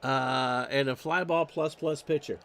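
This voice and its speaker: A man's voice: medium pitch, steady tone, a little slow, fairly bright tone, slight background noise. A man calling baseball play-by-play, reading off stats with wry joking asides. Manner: stat-heavy calls with wry joking asides. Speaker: play-by-play announcer.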